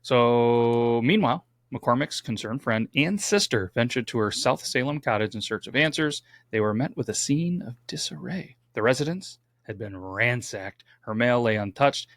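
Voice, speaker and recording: A man's voice: medium pitch, lively intonation, moderate pace, few pauses, a bit bright, no room sound. A man co-hosting a casual true crime podcast, reading out the case and adding wry asides. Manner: reads case notes, adds wry asides. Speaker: podcast co-host.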